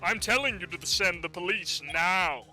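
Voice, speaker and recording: A man's voice: sits high, sharp tone, faint music behind, poor audio. A man doing pompous villainous Redd White. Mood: gloating. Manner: condescending, theatrical, drawn-out threats. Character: pompous, menacing rich male company president. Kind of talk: fan voice-over of a game.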